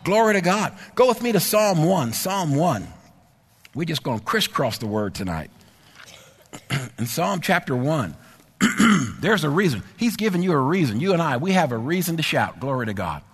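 A man preaching a sermon to a congregation, with rhythmic repetition that rises to shouted, sing-song peaks. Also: on the high side, very animated, normal speed, breathy edge, long reverb tail. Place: church sanctuary.

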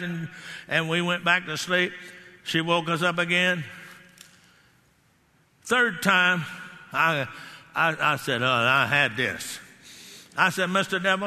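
Bright, forceful preacher with hall reverb. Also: male voice, high-pitched. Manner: animated storytelling, shouting declarations. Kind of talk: sermon. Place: church hall.

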